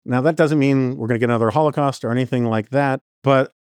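A man's voice: mid-range voice, fast talker, darkish tone, clear, resonant tone, no echo. A man as a podcast guest giving earnest commentary in long run-on sentences. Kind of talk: conversational commentary.

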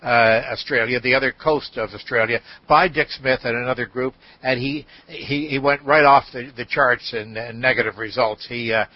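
An older man with a husky voice, telling an anecdote as a podcast guest and acting out the quoted speech. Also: mid-range voice, fairly even intonation, moderate pace, few pauses, no echo. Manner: storyteller, acts out quoted speech. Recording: dull dry audio.

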